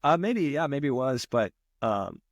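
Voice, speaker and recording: Male podcast guest, easygoing and rambling, mid pitch, close dry mic. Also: sing-song, a little slow, no echo. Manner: laid-back, loose, peppered with "you know" and "man". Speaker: guest, Navy veteran. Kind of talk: casual conversation.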